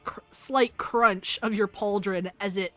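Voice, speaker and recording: A woman acting as game master, narrating scenes in a tabletop game session with a lively, laughing manner. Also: medium pitch, measured pace.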